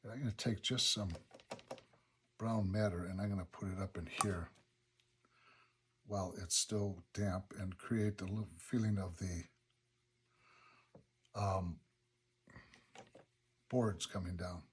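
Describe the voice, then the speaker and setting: A man teaching watercolor, talking calmly through each brushstroke of a painting demonstration and thinking aloud as he works. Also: low-pitched, slow pace, pauses often, slight background noise. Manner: relaxed, thinking aloud step by step. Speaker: watercolor instructor. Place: painting studio.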